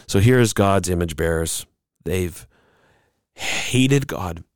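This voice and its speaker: A man preaches in a low-pitched, earnest voice, pausing between phrases and now and then acting out the lines he quotes. The sound is dry and close, with no room echo. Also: a little mellow. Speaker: pastor. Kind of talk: sermon.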